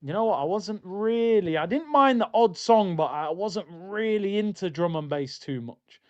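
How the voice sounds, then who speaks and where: A man's voice: high voice, animated, moderate pace, darkish tone, dull audio. A man hosting a football watchalong stream, chatting loosely and reading out viewer comments. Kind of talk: casual live-stream chat.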